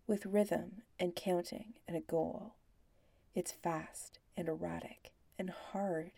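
Slow, gravelly woman narrator. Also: on the low side, no echo. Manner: slow, hushed and intimate, slipping into whispers. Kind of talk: scripted story narration.

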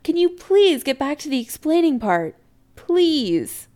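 A woman voicing a flustered young man who pleads with his meddling mother, in an exasperated, animated way. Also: high voice, unhurried, voice pushed up, exaggerated voice.

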